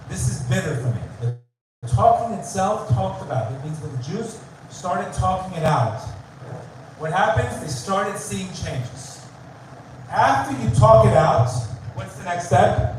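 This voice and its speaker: A man's voice: high voice, lively intonation, moderate pace, noisy background. A man giving a live spiritual talk, emphatic and repetitive, often asking the audience questions. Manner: emphatic, repeats key phrases, asks the audience questions. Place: live venue in Tel Aviv. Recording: distant, very echoey live room.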